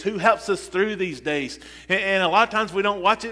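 A man preaches a sermon, his fairly high voice rising in fervor as he repeats "listen" and restarts his lines. His tone is bright and forceful. The recording carries a long hall reverb from the church. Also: fairly quick, hardly any pauses. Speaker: pastor. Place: church sanctuary.

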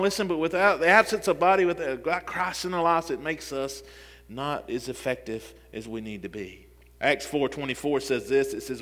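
A man's voice: medium pitch, normal speed, fairly bright tone. A man preaching a sermon. He builds in intensity and keeps repeating "listen" as he restarts his phrases. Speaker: pastor. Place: church sanctuary. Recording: long hall reverb.

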